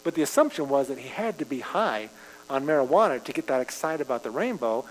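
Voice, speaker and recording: A man's voice: medium pitch, sing-song, fast. Man preaching in a reverberant church. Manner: conversational preaching, rises for emphasis. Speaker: pastor. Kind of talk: sermon with scripture reading. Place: church sanctuary. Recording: live church stream with long reverb and mains hum.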